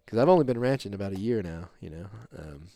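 A middle-aged man hosting a podcast, telling a long story in a rambling, animated way with lots of fillers. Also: fairly low pitch, fast. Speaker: podcast host. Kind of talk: casual storytelling chat.

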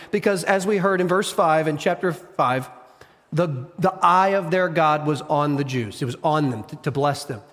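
A man preaching an expository sermon, reading scripture and retelling stories in an animated, emphatic, conversational way. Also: sits high. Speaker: pastor. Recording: reverberant church hall.

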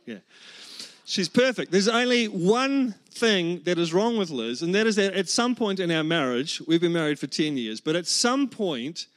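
A man, preaching a humorous sermon and telling stories with acted-out quotes. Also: sits high. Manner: joking, storytelling with acted-out quotes. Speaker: pastor.

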